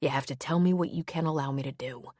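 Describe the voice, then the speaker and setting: A woman voicing Owen, a quiet and gentle grown man, in an audiobook, speaking softly and reassuringly. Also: fast talker, dry recording, studio quality. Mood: soothing. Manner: soft, reassuring, low-key. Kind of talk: audiobook character reading.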